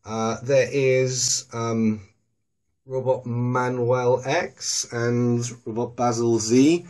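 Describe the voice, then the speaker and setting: A man's voice: medium pitch, fairly even intonation, very slow, a little mellow. A man casually narrating a tour of his collection, rambling and correcting himself with plenty of ums, filming on a handheld camera in a dim room at home. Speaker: toy collector vlogger. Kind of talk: casual show-and-tell narration.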